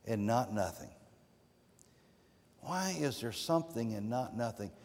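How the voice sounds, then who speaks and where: A man preaching a sermon as a guest preacher, with sweeping rises and drops in pitch and loudness. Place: church sanctuary. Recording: long reverb of a church sanctuary.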